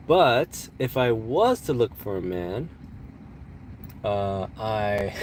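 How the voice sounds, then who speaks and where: A man's voice: lowish voice, normal speed, darkish tone, slight background noise. Stuffy-nosed man rambling on a livestream. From California. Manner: rambling, joking, laughs often. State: congested from allergies. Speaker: live-stream host answering chat. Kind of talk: casual live-stream chat.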